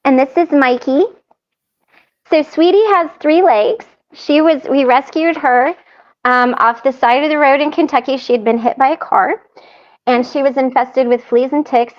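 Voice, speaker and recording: A woman chatting as a guest, telling lively stories and laughing often. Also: sits high, normal speed. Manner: animated storyteller, laughs often. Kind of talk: casual chat. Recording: slightly muffled sound.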